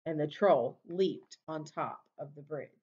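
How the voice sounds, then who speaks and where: A woman teacher reading a storybook aloud to children, expressive, pausing to ask them questions. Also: low voice, husky. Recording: dull lo-fi recording.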